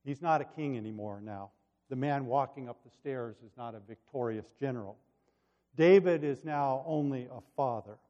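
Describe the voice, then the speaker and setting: A man preaching a sermon, reading scripture with dramatic delivery and then reflecting quietly. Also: medium pitch, normal speed. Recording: dull sound with long hall reverb.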